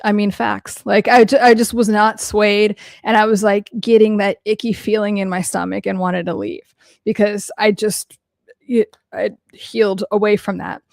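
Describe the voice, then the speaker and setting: A woman's voice: medium pitch, normal speed, vocal fry, no room sound, clean studio sound. A woman hosting a podcast as a mental health coach, talking casually and bluntly, swearing freely and using lots of fillers. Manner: animated storytelling. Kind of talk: casual solo talk answering questions.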